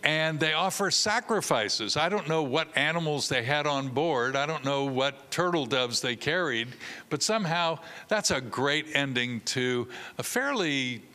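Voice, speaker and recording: A man's voice: fairly high pitch, lively intonation, a little slow, bright, forceful tone, clear, resonant tone, big-room sound. A man preaching a sermon, telling a story with humor and acting out the characters' voices.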